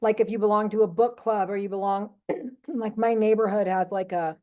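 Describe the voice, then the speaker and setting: A woman on a travel sales team sharing networking ideas in casual chat, hesitant, with many fillers and some throat clearing. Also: mid-range voice, fairly even intonation, moderate pace, warm tone, dull audio.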